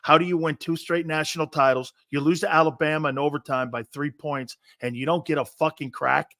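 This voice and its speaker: A man hosting a sports talk show, brash and profane, arguing loudly with his co-host. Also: a little high, steady tone, brisk, no echo.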